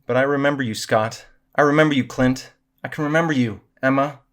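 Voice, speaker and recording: A man's voice: medium pitch, a little fast, pitched above the performer's own voice, close to an everyday voice. A man voicing a brave young girl in a butterfly costume, speaking in a raised, earnest way. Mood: resolute.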